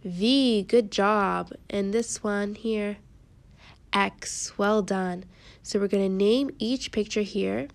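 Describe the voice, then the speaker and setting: Sounding out each letter slowly, a creaky-voiced woman in the mid range teaches kindergartners phonics and showers them with frequent praise.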